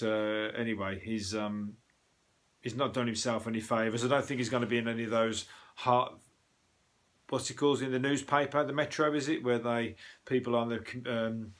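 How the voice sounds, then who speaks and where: Swearing Brummie comedian rambling. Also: male voice, medium pitch, fairly bright tone. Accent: Birmingham. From Birmingham, England. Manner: rambling, swearing, jokey asides. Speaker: comedian host of a news review show. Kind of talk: casual comic monologue.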